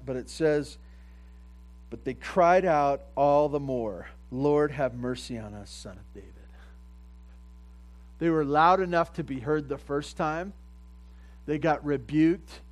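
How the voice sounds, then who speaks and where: A pastor preaching a sermon in a plain, conversational way, a man at a medium pitch. He often repeats his phrases and grows louder at the points he stresses. A low mains hum runs under the recording. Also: poor audio.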